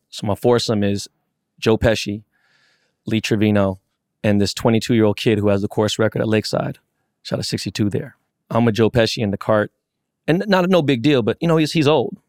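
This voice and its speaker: A man's voice: lowish voice, moderate pace, dry recording, studio quality. A man co-hosting a podcast, telling a story casually with lots of swearing and acted-out quotes. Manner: animated, profane, acts out quotes. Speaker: podcast co-host.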